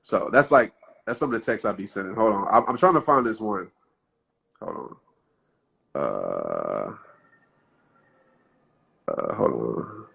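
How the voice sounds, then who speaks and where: A man's voice: on the low side, big pitch swings, a little slow, creaky, pauses often, a bit bright, breathy edge. A man in his thirties hosting a casual live stream from his phone, chatting loosely, laughing often and reading out short motivational lines. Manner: laid-back, chatty, laughs often, reads his own quotes aloud. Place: outdoors in wind.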